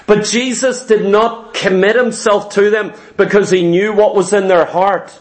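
A man's voice: high-pitched, steady tone, unhurried. A man preaching a sermon, emphatic and fervent, retelling scripture with vivid asides.

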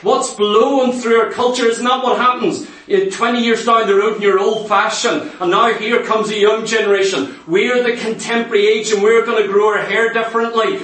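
A man's voice: high voice, fairly even intonation, moderate pace, hardly any pauses, fairly bright tone. A man preaching a sermon, pressing the congregation with emphatic rhetorical questions. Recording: echoey hall, mic far off.

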